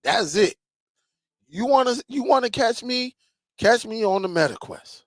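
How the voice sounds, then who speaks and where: High-voiced, gravelly man, animated storyteller. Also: a little slow, no room sound, studio quality. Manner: animated storyteller, laughs and repeats himself. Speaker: streaming tech channel host. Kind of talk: casual chat to viewers.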